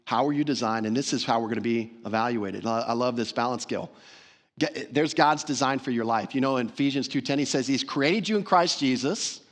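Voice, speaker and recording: A man's voice: mid-range voice, a little fast. A man preaching a sermon as pastor, earnest and emphatic, repeating phrases for stress. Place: church sanctuary.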